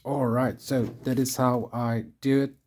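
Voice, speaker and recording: A maker giving a casual hands-on tutorial, explaining slowly and carefully and talking to themself while working. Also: medium pitch, flat delivery, darkish tone, a little hiss or hum. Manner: slow and careful, talks to self while working.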